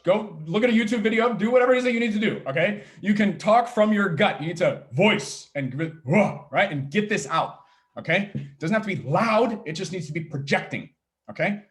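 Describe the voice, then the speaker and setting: A man coaching founders on pitching, talking fast and energetically, checking in constantly with "okay?" and "all right?". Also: expressive. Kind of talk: workshop talk on pitching.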